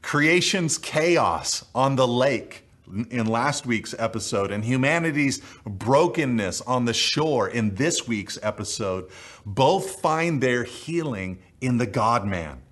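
Slow, deliberate male preacher. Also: mid-range voice, animated, fairly bright tone. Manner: earnest, emphatic, repeats key phrases. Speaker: pastor. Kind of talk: sermon.

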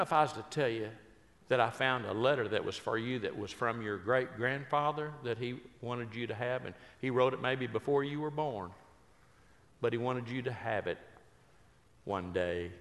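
A man's voice: mid-range voice, moderate pace, long pauses, fairly bright tone, big-room sound. An older man, a Christian speaker and humorist, telling folksy, joking stories that turn earnest. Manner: folksy, joking storyteller who turns earnest. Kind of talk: humorous storytelling talk.

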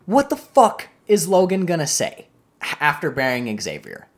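A woman with a low, deep voice chats casually about a movie. She talks in an animated, profane way and slips into quoting characters. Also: moderate pace. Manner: animated, profane, acts out quoted lines. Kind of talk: casual film discussion.

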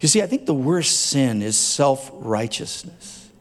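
A man's voice: medium pitch, sing-song, measured pace. A man preaching a sermon as a pastor, speaking earnestly and tenderly, building at times to fervent emphasis. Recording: long hall reverb.

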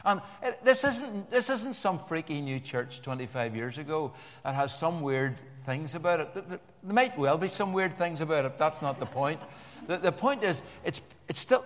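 An older man preaching a sermon to a congregation in an animated way, repeating words and joking with the listeners. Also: medium pitch. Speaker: pastor. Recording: long church-hall reverb.

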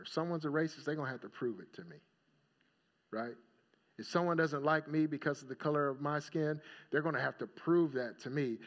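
A male pastor preaching a sermon, telling stories in a relaxed, conversational way and checking in with his listeners as he goes. His pitch sits in the middle range. The recording sounds dull and lo-fi. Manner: conversational storytelling, checking in with "right?".

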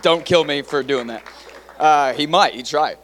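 A middle-aged man preaches with excitable energy, tossing in casual fillers as he speaks. His voice sits a little high for a man. It rings out through a large hall with a long reverb tail. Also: measured pace, slight background noise. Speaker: pastor. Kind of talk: sermon.

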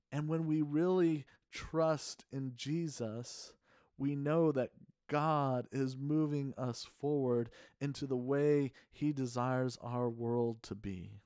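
Middle-aged male pastor, mid-pitched, steady earnest sermon delivery, crisp tone, dry close sound. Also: no echo. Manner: earnest, measured preaching with rhetorical questions.

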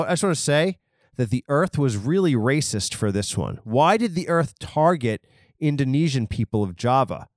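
A man's voice: mid-range voice, no room sound, clean studio sound. A man hosting a comedy podcast, riffing crudely and rambling on news headlines. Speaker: podcast host.

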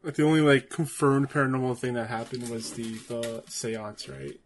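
A man's voice: mid-range voice, fairly even intonation, moderate pace, a little hiss or hum. A man chatting casually while watching a horror film, teasing and laughing often.

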